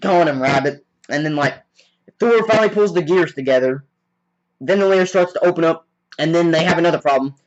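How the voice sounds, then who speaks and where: A man with a slightly high voice rambles excitedly through a film recap, leaning on "like" between almost every phrase. The recording sounds dull and lo-fi, as if made on a cheap mic. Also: fairly quick. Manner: rambling, heavy on "like" fillers; excitable fan. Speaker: movie reviewer. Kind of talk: casual spoiler recap.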